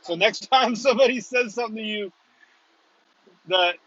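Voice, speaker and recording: A man rambles and chuckles through a casual livestream chat from inside a moving car. His voice sits a little high, and the lo-fi audio sounds dull and muffled. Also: normal speed, a bit bright, dry recording. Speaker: storm chaser, stream host. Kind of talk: casual live chat while driving.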